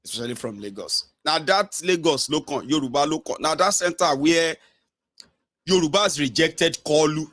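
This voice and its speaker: Nigerian guy ranting about politics, mixes pidgin in, does voices of people, kinda high voice. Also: normal speed, a bit bright. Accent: Nigerian English with Pidgin and Yoruba. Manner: mimics callers in high voices, switches between English, Pidgin and Yoruba. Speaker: political commentator, channel host. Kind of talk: animated political monologue.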